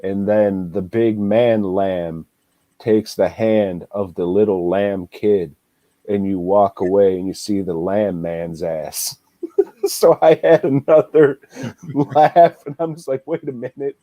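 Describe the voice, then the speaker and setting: A man's voice: lowish voice, takes it slowly, mellow, dry recording, lo-fi sound. A man co-hosting a podcast, casually retelling a film with lots of swearing and laughter. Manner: laid-back, swears a lot, laughs while retelling. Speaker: podcast co-host, movie reviewer. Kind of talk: casual movie review chat.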